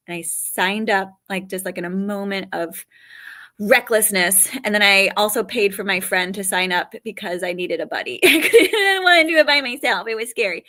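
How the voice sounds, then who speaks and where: A woman in her forties from Western New York, talking as a comedian guest on a live interview show. Her voice is bright and sharp, and her delivery is chatty and animated, always reaching for the joke. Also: medium pitch. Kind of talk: casual interview chat.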